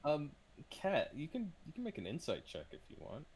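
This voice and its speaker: A man's voice: a little high, huge pitch swings, normal speed, darkish tone, husky. A man narrating as game master of a tabletop game, hesitant, with many ums and uhs.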